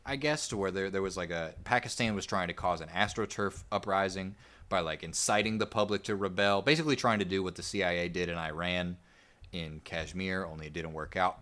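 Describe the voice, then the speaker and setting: A man with a notably deep, low voice walks through history in an easygoing, rambling manner. He co-hosts a casual podcast and leans on fillers as he talks. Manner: relaxed, rambling storyteller with fillers. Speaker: podcast co-host.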